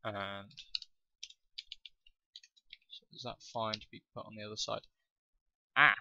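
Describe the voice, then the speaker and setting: A man giving casual commentary over his own gameplay, thinking aloud with frequent fillers and pauses. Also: lowish voice, flat delivery, gravelly, heavy background noise. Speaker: gaming video host.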